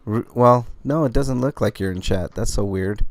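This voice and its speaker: A man's voice: fairly low pitch, moderate pace. A man hosting a casual live-streamed podcast, rambling with lots of fillers and hiccuping as he talks. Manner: rambling, filler-heavy, laid-back. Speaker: podcast host.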